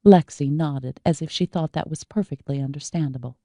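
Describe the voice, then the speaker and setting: Audiobook narrator: woman, low dark voice, measured and slow, dry booth sound. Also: dry recording. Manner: even, measured storytelling.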